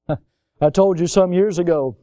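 A man's voice: high voice, takes it slowly, mellow, no room sound, clean studio sound. A man pastor delivering a sermon in a folksy, emphatic way, drawing out stressed words.

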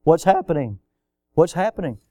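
Emphatic preaching man with a high voice. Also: big pitch swings, normal speed, no echo. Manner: emphatic, repetitive preaching with swings from loud to hushed. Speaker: pastor. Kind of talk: sermon.

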